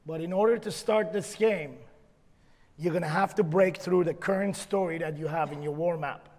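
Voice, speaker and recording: A man's voice: fairly high pitch, normal speed, a little mellow. A man leading a motivational seminar from the stage, giving blunt, profane, drill-like commands. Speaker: seminar leader. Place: large event hall. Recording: echoey hall with a live audience.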